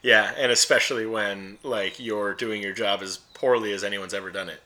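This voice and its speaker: Man, podcast co-host, bright edgy tone, rambling, swears freely, casual fan chat. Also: fairly low pitch, steady tone, normal speed. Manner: loose, profane, rambling fan talk.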